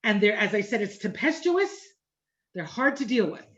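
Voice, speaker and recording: Teaching a Torah class online, a middle-aged woman speaks at a moderate pace in a medium-pitched, fairly bright voice with big swings in pitch. Her informal lecture is conversational, full of repeated phrases and a frequent "right?" aimed at her listeners. The recording has the dull, lo-fi sound of an online class.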